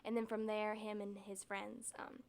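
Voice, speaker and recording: A woman's voice: medium pitch, normal speed, creaky. A young actress talking casually in an interview, her voice a little strained from rehearsals. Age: young adult. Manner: easygoing, relaxed explaining with fillers. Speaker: stage actress.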